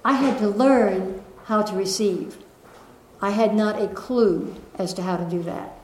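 Soft-spoken lady giving a spiritual talk to a room of people, lilting, kinda echoey. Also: mid-range voice, unhurried, slight background noise. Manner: gentle, lilting, with soft laughs. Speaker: spiritual teacher. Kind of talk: spiritual talk to a live audience. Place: room with an audience.

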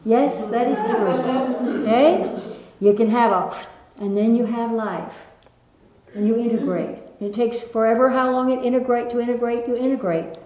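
A woman giving a gentle spiritual talk to a live audience, lilting and laughing softly. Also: on the high side, steady tone, moderate pace. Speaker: spiritual teacher. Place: room with an audience. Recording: echoey room.

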